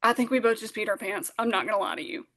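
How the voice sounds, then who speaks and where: A woman, a podcast guest telling a lively story and acting out the voices of those in it. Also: medium pitch, quick pace. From Southern Alabama. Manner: animated, acts out dialogue, many fillers. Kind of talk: storytelling in casual interview.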